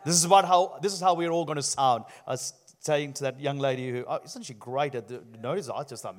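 Jovial Sri Lankan-Kiwi preacher. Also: male voice, medium pitch, fairly quick. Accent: Sri Lankan New Zealand. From New Zealand. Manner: jovial, playful with the crowd. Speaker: guest preacher. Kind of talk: sermon.

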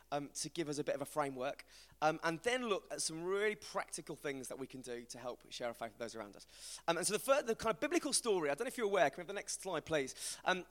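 A fairly bright, somewhat high-pitched male voice from England's West Midlands, with the region's accent. He's a preacher giving a chatty, humorous evangelistic talk to an audience in a large hall, telling stories about a friend with self-deprecating humour. The live event leaves hall reverb on the recording.

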